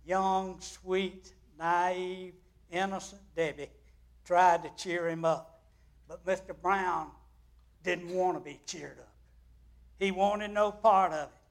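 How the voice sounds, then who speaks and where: Male pastor, sermon, high voice, slow and dramatic storyteller. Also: steady tone. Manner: dramatic storytelling with big swings in loudness.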